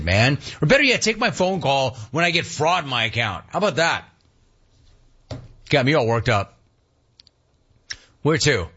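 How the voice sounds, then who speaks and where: A middle-aged man hosting a sports talk radio show, ranting in an animated, sarcastic way. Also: medium pitch, moderate pace, husky, muffled recording.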